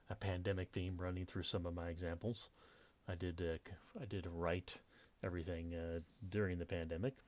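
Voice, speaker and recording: A man giving a step-by-step lecture on punctuation from slides, with frequent fillers and restarts. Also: low voice. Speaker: writing teacher. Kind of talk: slide-based grammar lecture.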